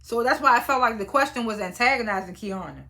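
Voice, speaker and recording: A woman's voice: fairly high pitch, fast. A young woman casually recapping a reality show, blunt and profane, acting out what the cast said. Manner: animated, blunt and profane, acts out quotes.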